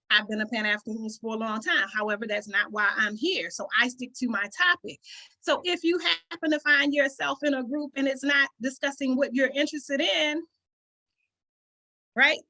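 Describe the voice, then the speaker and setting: With a little high, bright and forceful voice, a Southern country-twanged woman from the rural US hosts a community call, talking casually to the online group. She's conversational, frequently checking in with "right?" and sometimes laughing.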